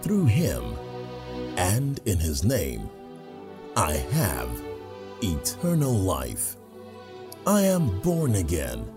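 A man's voice: deep voice, huge pitch swings, very slow, pauses often. A man reading a solemn scripted closing prayer as announcer. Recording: music bed behind the voice.

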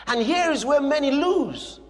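High-pitched preacher guy, big echoey church, bit of music under him, hammers the same lines over and over. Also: lively intonation, measured pace. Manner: emphatic, repetitive declarations. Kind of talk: sermon. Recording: long hall reverb with music.

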